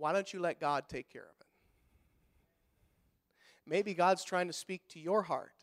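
A middle-aged pastor preaching a sermon in a folksy manner, rising to loud fervent passages and dropping to quiet, soft-spoken stretches. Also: male voice, sits high, measured pace, long pauses. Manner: folksy, repeats words when fired up.

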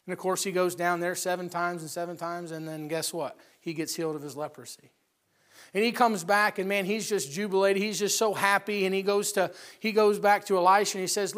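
A man preaching a sermon in a folksy, conversational way, retelling stories with lively acted-out voices. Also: high-pitched, fairly quick. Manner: animated storytelling, acting out characters' voices.

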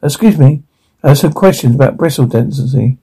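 A man's voice: mid-range voice, a little fast, warm tone, husky, rough recording. A man performing sketch comedy, switching between many characters.

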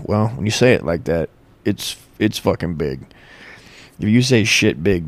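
Low-voiced man, crude and rambling comic monologue, dry mic. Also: animated, a little slow, no echo. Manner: crude, profane, self-correcting.

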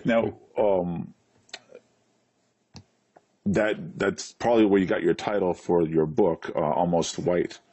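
A man hosts a casual interview with a very deep, mellow voice. His tone is husky and soft-edged, and he hesitates with frequent fillers as he leads the talk. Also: slow, long pauses. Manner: relaxed, hesitant with many fillers. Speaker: interview host.

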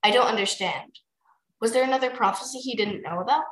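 A woman's voice: on the high side, a little fast, a bit bright, echoey room, natural voice. A woman reading a novel aloud, voicing an anxious, earnest male dragon caretaker who pleads. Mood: pleading.

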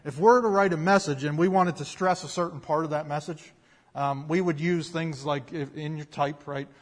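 A man's voice: a little high, steady tone, normal speed. Emphatic preaching man in a reverberant hall. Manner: conversational, emphatic preaching with repetitions and audience check-ins. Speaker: pastor. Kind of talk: sermon.

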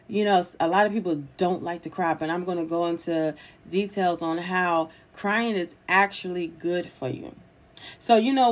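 A woman hosting her own podcast, talking casually and encouragingly to listeners, informal with little laughs. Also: on the low side. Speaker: podcast host. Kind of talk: casual solo podcast talk.

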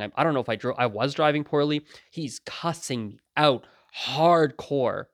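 A man's voice: mid-range voice, moderate pace, few pauses, no room sound, clean studio sound. A man hosting a podcast, talking casually and acting out the voices of people in his stories. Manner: animated, acts out quoted voices, laughs often. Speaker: podcast host. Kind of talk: casual monologue.

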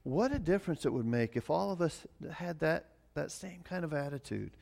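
A man's voice: a little high, very animated, normal speed, gravelly, a little mellow. A middle-aged man preaching a sermon as pastor, earnest and often repeating words as he starts a phrase.

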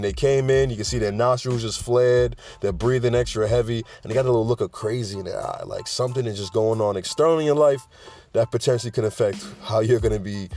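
A man's voice: fairly low pitch, a little mellow. A man hosting a podcast in a casual, rambling monologue, drifting off topic and chuckling often. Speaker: podcast host.

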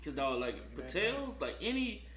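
A man co-hosting a podcast in casual chat, telling slangy, lively stories. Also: a little high, moderate pace. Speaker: podcast co-host.

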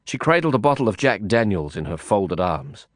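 Low, expressive male audiobook narrator. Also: no echo, clean studio sound. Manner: measured, reflective storytelling. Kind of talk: first-person novel narration.

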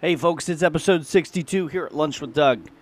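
A man's voice: on the high side, a little fast, music in the background. A middle-aged man, hosting his own podcast in a casual, folksy, self-deprecating ramble. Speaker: podcast host and musician. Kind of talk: casual solo chat.

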